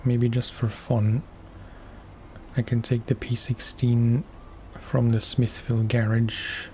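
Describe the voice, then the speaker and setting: A man streaming a game for relaxation, talking softly in unhurried, musing asides. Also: medium pitch, flat delivery, a little hiss or hum. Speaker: gaming ASMR streamer. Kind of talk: soft-spoken gameplay commentary.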